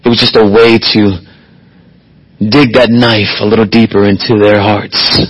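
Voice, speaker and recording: A man's voice: fairly low pitch, level tone, unhurried, husky, poor audio. A man preaching an expository sermon as pastor, reading scripture and building to emphatic, rising swells.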